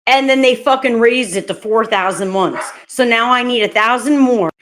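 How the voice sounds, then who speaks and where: A woman's voice: fairly high pitch, normal speed, fairly bright tone. A woman from the northeastern United States hosting a casual live stream chat, laughing easily and saying "like" a lot.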